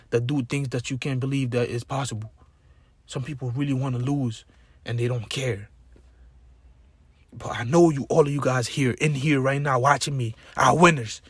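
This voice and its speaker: A man giving an impassioned motivational speech, preaching with loud emphatic peaks and repeated key words. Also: mid-range voice, slightly rough, no echo. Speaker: motivational speaker.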